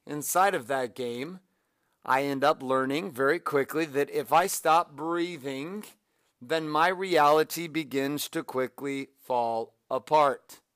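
A man's voice: fairly high pitch, takes it slowly, a bit bright, smooth, no echo, clean studio sound. A man hosting a motivational talk, coaching listeners through breathing and counting out drills with energy. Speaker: motivational podcast host.

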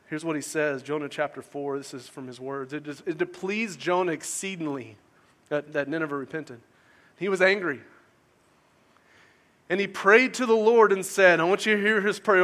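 A man preaching a conversational sermon, asking his listeners questions and swinging from loud to quiet. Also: on the high side, steady tone, moderate pace. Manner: conversational, asks the audience questions, varies volume widely. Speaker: pastor.

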